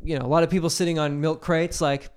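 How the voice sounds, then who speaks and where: A man co-hosting a casual podcast chat, telling stories in an animated way, cursing freely and acting out the people he quotes. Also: fairly high pitch, fast, clean tone. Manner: animated storyteller, swears freely, acts out quoted voices. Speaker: podcast co-host.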